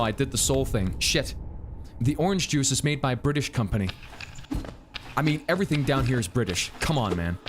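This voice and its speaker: A man in his twenties casually ranting and swearing while he plays a game. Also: mid-range voice. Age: 20s. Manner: ranting, profane, rambling. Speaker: gaming streamer. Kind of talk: casual playthrough chat.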